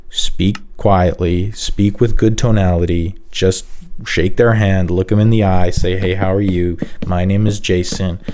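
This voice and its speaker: A man hosting a career advice video, talking slowly and calmly with long deliberate pauses and stressed words. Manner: low, calm, collected tone. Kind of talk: calm motivational talk to camera.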